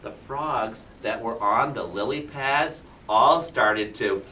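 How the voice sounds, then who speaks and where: A man's voice: mid-range voice, slow pace, bright, forceful tone, a little hiss or hum. A male kindergarten teacher animatedly telling a picture-book story to young children, often asking them questions. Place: classroom. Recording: roomy classroom from a distance.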